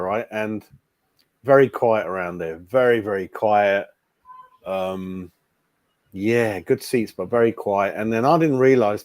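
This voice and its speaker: A man's voice: lowish voice, no room sound. A man chatting casually as co-host of a football fan show, rambling and calling people mate. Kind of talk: casual chat.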